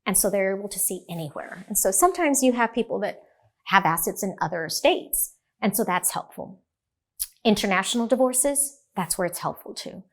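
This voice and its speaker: Middle-aged lady lawyer telling courtroom stories, animated, acts out the dialogue, average pitch. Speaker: divorce lawyer. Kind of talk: storytelling in a podcast interview.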